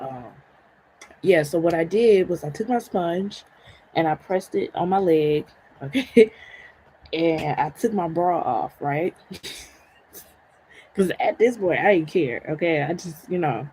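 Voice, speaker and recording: A woman's voice: low voice, slow pace, warm tone, slightly rough, rough recording. A woman hosting a live stream, chatting casually through a personal story, laughing often and checking in with "right?" and "okay?".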